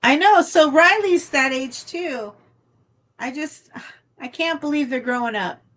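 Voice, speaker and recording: A woman's voice: a little slow, a bit bright, rough recording. Chatty woman hosting a craft stream. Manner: chatty, breaks into high baby talk with her dog. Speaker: craft channel host. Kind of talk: casual live-stream chat. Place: home craft room.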